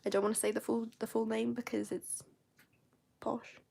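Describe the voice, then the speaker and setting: A woman's voice: on the high side, flat delivery, fast talker, vocal fry, darkish tone, slightly rough. A young woman with a posh southern English accent, chatting casually and rambling as host of a live stream. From southern England.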